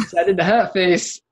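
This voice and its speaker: A man telling a story in a casual chat, animated and acting out what people said. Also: high-pitched. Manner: animated storyteller, acts out quotes, laughs while telling. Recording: dull lo-fi sound.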